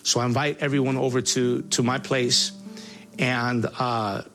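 A man giving a spoken personal testimony, halting and earnest, with many restarts and fillers. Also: mid-range voice, level tone, a bit bright, soft background music. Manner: voice rises sharply when reliving angry moments.

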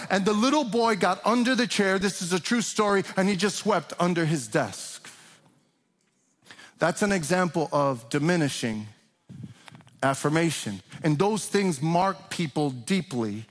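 Man, pastor, preaching a sermon, impassioned, emphatic questions, slightly high voice, long hall reverb. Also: lively intonation, measured pace.

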